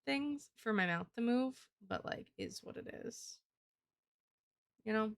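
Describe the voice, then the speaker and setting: Young woman streamer, gravelly fry, casual and profane, dry close mic. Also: a little high, lively intonation, measured pace, no room sound. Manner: rambling, profane, heavy use of "like". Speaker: live streamer. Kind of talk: casual live-stream chat.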